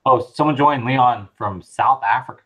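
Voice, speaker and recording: A man co-hosting a casual live chat, excitable and rambling as he retells scenes. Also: medium pitch, moderate pace, muffled recording. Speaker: podcast co-host.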